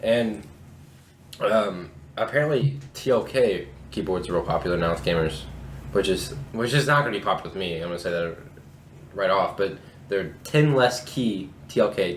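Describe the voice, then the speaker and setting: Low-voiced young man in an echoey room. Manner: enthusiastic, swears, quick asides. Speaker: podcast co-host. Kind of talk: casual chat. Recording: echoey room, faint background noise.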